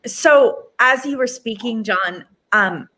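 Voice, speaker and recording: A woman shares her thoughts earnestly, pausing and restarting as she goes. Her voice is fairly high for a woman. She speaks in a casual, conversational way. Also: sharp tone, a little hiss or hum. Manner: earnest and halting, with many restarts.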